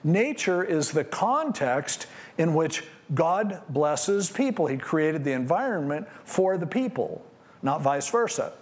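A man pastor preaching a conversational sermon on scripture, animated and acting out what people might say. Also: on the high side, takes it slowly.

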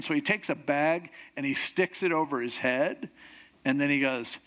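A man preaching as a pastor, retelling a story in a lively, animated way and acting out the characters. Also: on the high side, moderate pace. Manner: animated, acts out characters with voices. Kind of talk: sermon storytelling.

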